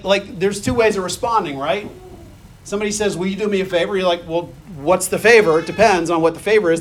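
High-voiced man preaching conversationally. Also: slight background noise. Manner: conversational, asks the listeners questions; reads scripture aloud and acts out the quoted lines. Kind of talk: sermon.

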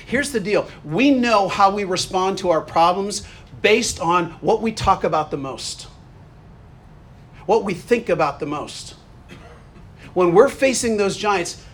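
A man preaching a sermon as a pastor, earnest and conversational, with bursts of animated energy. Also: high voice.

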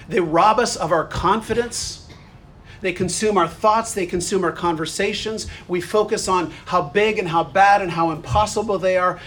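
A man with a noticeably high voice delivers a sermon as a pastor. His preaching is earnest and conversational, and it breaks into lively, animated stretches. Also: slight background noise.

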